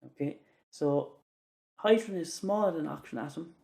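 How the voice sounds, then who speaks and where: A chemistry teacher walks through exam questions in a fairly high, gravelly yet mellow voice at a moderate pace. He keeps repeating key words for emphasis and says "okay" a lot.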